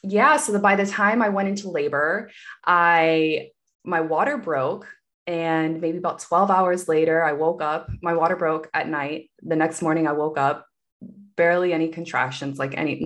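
A woman's voice: deep voice, normal speed, a bit bright. A woman guest telling a personal story in conversation, candid and meandering, with many asides.

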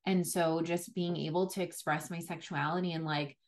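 A woman's voice: fairly low pitch, fairly even intonation, normal speed. A young woman hosting a podcast, telling a personal story in a casual, chatty way with lots of "like" fillers. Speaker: podcast host.

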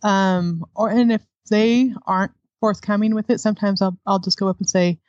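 A woman's voice: medium pitch, steady tone, normal speed, darkish tone, dry recording, lo-fi sound. A woman guest, an adoptive homeschooling mother, speaking candidly in a conversational interview and laughing often.

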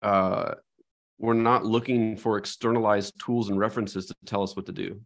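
Reflective man, lowish voice, podcast chat. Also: steady tone, moderate pace, vocal fry. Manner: thoughtful, reflective, frequent "right?" tag questions. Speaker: podcast co-host. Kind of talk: casual conversational chat.

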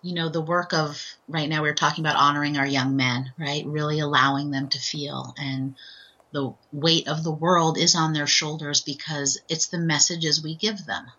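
As a podcast guest, an author and transformational speaker tells a heartfelt personal story in a low yet bright, forceful voice with a slight huskiness. She speaks earnestly with fairly even intonation, often pausing to ask "right?", and the recording is dull and lo-fi.

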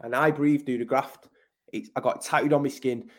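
A man's voice: medium pitch, fairly even intonation, normal speed. A man from Manchester with an English accent, a podcast guest talking in a blunt, emphatic way, swearing often and calling the host mate. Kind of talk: casual conversational interview.

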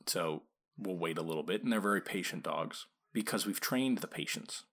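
This man's low voice carries a bit of brightness as he hosts a dog training podcast. He chats casually, poses rhetorical questions to listeners, and acts out quick quoted lines.

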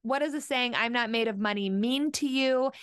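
A woman's voice: a little high, moderate pace, a bit bright, clean tone, dry recording, clean studio sound. A woman hosting a radio money show in a casual chat, upbeat and explaining with little example quotes. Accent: Upper Midwest American. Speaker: radio host and money coach.

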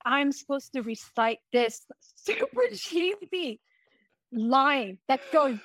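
A young woman with a fairly high voice, recounting her past with lots of energy and playful acted-out quotes. She talks loosely and swears casually. The sound is close and dry, with no room around it. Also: slow pace, no echo. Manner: animated, acts out quoted dialogue, casual swearing. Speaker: musician guest. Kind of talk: casual interview storytelling.

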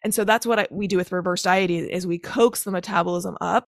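A woman in her thirties speaks with a slight fry in her voice, laying out ideas step by step like a coach. The sound is dry and close, with no room around it. She talks conversationally, leaning on everyday analogies. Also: lowish voice, fairly even intonation, fast, no echo. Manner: explanatory, uses step-by-step examples and analogies. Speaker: guest, macro-counting coach. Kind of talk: conversational podcast interview.

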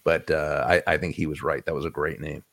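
A man with a very low voice talks as an interview guest. He gives thoughtful, practical advice in an easy conversational way, often restarting his phrases as he thinks aloud. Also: flat delivery, fairly quick, gravelly, fairly bright tone. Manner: reflective, advice-giving, frequent restarts. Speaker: guest author.

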